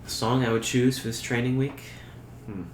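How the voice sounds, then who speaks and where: A young man speaking earnestly and thoughtfully as a guest, pausing with fillers. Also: medium pitch, level tone. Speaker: camp staff guest. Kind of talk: casual interview chat. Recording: roomy recording with faint background hum.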